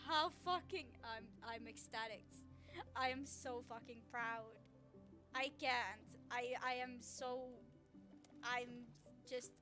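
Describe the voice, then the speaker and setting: A woman streaming from home on her setup mic, chatting casually in a gushing, excitable way, swearing and often restarting her sentences. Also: high-pitched. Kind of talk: casual live-stream chat.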